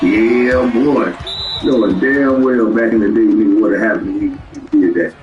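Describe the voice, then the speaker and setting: A man's voice: lowish voice, steady tone, unhurried, lo-fi sound. A man streaming a reaction, laughing a lot and mocking the person in the clip in casual commentary. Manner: laughs often, teasing, repeats lines back. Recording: roomy, distant from mic, faint music.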